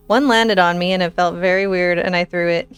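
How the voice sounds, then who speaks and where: A woman chats casually as a player at a tabletop game. Her voice is smooth and resonant and sounds dry and close. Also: fairly low pitch, steady tone, brisk, no echo. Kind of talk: casual chat.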